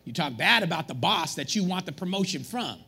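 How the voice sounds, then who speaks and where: A man preaching a sermon as pastor, animated and joking with the congregation in a church. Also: sits high, brisk, vocal fry, breathy edge.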